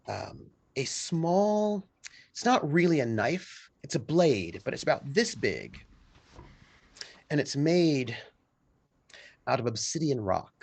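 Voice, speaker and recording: A man narrating scenes as game master of a tabletop role-playing game, unhurried and descriptive. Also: mid-range voice.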